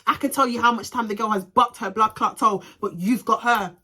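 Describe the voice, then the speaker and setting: A young woman telling a storytime vlog, animated and ranting, swearing heavily and slipping in Jamaican patois slang. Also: a little high, fairly quick, breathy edge. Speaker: vlogger.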